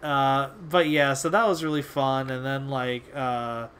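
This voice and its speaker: A man's voice: medium pitch, steady tone, measured pace, fairly bright tone, clean tone. A young man hosting a video, telling a casual story in a rambling, laid-back way with lots of fillers and swearing. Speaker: video host.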